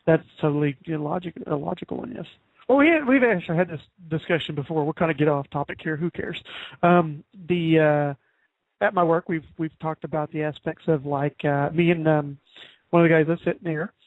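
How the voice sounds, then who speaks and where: A man's voice: fairly high pitch, no echo. Lo-fi rambling male podcast host. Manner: rambling, filler-heavy, quick to laugh. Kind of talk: casual chat. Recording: dry, phone-like lo-fi audio.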